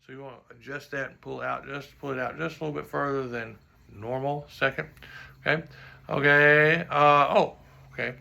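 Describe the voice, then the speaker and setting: A man with a deeply gravelly, rough-edged voice and a bright, forceful tone coaches trombone audition pieces. He sings rhythms out loud to demonstrate articulation and talks through the flaws in his own playing, with a joking aside now and then. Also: fairly even intonation, moderate pace. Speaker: trombone teacher. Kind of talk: music clinic instruction.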